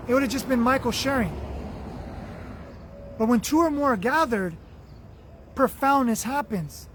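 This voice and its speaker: A man with a very high voice hosts a spiritual livestream, earnest and affectionate, circling back on his phrases. His voice is wearing thin as he talks, with a faint noise underneath. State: losing his voice. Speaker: livestream host reading viewer comments. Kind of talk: spiritual motivational livestream talk.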